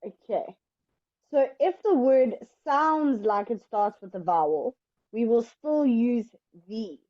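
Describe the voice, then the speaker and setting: A woman teaching English in an online lesson, explaining step by step in a patient, slow way. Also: a little high, animated, highs cut off.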